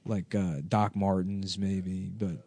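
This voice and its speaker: A man in a casual podcast chat, quiet and laid-back with mumbled fillers. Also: low-pitched, level tone, slow pace.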